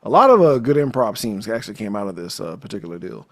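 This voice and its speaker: Male podcast host, lively swinging delivery, loose and profane recap style. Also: on the low side, fast talker. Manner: animated, profane, recaps with acted-out quotes. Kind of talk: casual movie recap chat.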